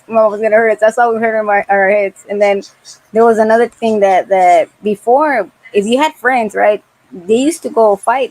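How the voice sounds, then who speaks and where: A woman's voice: medium pitch, low-quality recording. A middle-aged woman chatting bluntly and profanely, laughing as she talks. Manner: fast, blunt, profane, laughs while talking. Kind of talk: casual chat.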